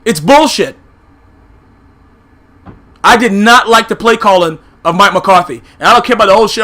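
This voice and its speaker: High, bright-voiced man ranting profanely. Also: expressive, normal speed, long pauses. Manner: blunt, profane, heated, lots of filler phrases. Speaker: YouTube sports commentator. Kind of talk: profane football recap rant.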